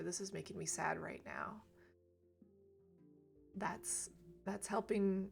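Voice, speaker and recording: A woman speaking gently and reflectively on a livestream about emotions, laughing lightly now and then. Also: lowish voice, creaky. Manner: soft, reflective, laughs lightly, drops to near whisper at times. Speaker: reiki streamer. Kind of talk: gentle spiritual talk on a livestream.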